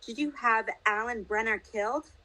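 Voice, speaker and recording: A woman's voice: a little high, normal speed, bright, forceful tone, low-quality recording. Woman reading a determined young woman sleuth. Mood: earnest.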